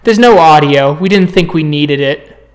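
A man voicing a sharp, suspicious female scientist in a tabletop game, speaking in a clipped, probing way. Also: on the high side, measured pace, close to an everyday voice. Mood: angry.

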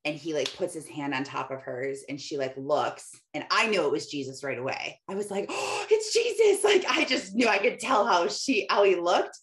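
A woman's voice: deep voice, lively intonation, normal speed, few pauses, a bit bright, slight background noise. A young adult woman hosting a live faith-based morning podcast, chatting eagerly with lots of filler words. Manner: enthusiastic, chatty, full of "like" fillers. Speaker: podcast host.

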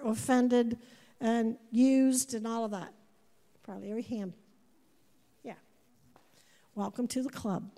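A woman in her fifties preaching a sermon to a congregation, animated, repeating words and putting questions to the room. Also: sits high. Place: church before a congregation. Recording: long hall reverb.

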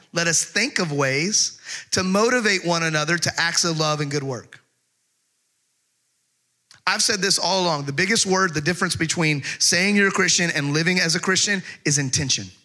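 A middle-aged male pastor delivers a conversational sermon, sliding from funny everyday stories into slow, emphatic readings of scripture. His voice sits a little high and sounds bright and forceful. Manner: conversational storytelling with humor; slows down to stress scripture.

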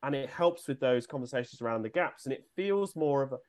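A man's voice: medium pitch, animated, a little fast, a little mellow. A man who is a business coach, a guest in a casual interview, explaining ideas in a reflective coaching tone.

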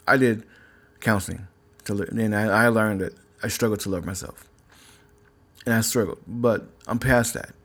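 A man's voice: on the low side, fairly even intonation, moderate pace, pauses often, fairly bright tone. Man, podcast host, casual faith talk, earnest, preachy, repeats himself. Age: adult, married.

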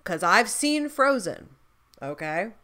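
A young woman chats casually on a podcast, wandering into tangents and restarting her thoughts with a lot of "like." Her pitch stays in an ordinary middle range. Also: big pitch swings, slow pace, bright, forceful tone. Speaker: podcast co-host. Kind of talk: casual chat about a TV show.

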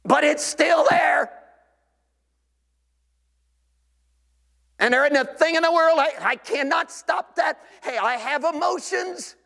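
A hot-tempered churchgoer, put on by a preacher, justifies himself in a mock-earnest, defensive tone, his high voice rising and falling widely. Long reverb from the church hall trails behind every line. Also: sing-song, a little fast, a bit bright, heavily acted.

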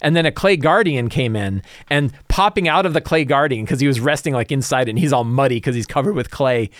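A man's voice: mid-range voice, fairly quick, dry recording, clean studio sound. A man hosting a show, casually recapping a tabletop campaign as game master, rambling with many fillers and restarts.

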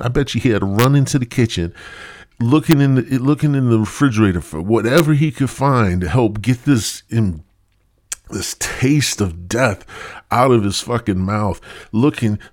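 A man's voice: on the low side, darkish tone, no room sound, clean studio sound. A man hosting a podcast, delivering a crude, rambling comedic monologue. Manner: rambling, profane. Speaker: podcast host.

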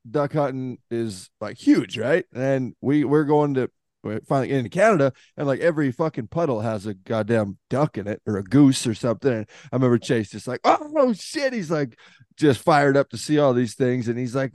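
A male podcast host talks in a loose, joking way, laughing and cursing as he pulls stories from his guest. His voice sits at an ordinary pitch. The sound is dry with little room. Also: a little fast, darkish tone, no echo. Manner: laughing, profane, prompting stories. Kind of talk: casual chat.

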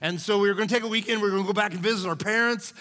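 A middle-aged male pastor tells stories from the pulpit in an easygoing, folksy way. His voice sits a touch high and bright. It rings out with the long echo of a large church hall. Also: very fast. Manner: folksy and conversational, says "man" a lot. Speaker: lead pastor. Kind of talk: storytelling sermon. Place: church sanctuary.

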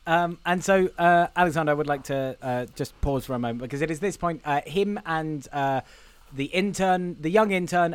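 Male podcast co-host, high-pitched and close-miked, animated film recapper. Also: no echo. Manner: animated retelling, acts out film lines. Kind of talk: casual film recap chat.

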